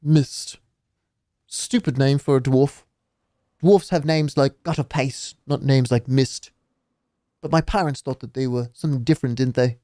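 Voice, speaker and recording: A man voicing a gruff, suspicious male dwarf in a fantasy game, speaking bluntly in a rough, grumbling voice. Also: mid-range voice, fairly even intonation, a little slow, dark tone, dry recording, studio quality, natural voice.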